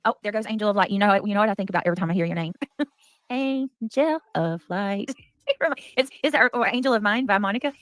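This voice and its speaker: Fast-talking woman livestreamer. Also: medium pitch, a bit bright, no room sound, clean studio sound. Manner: chatty, reads and thanks donations aloud. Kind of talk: casual livestream chat.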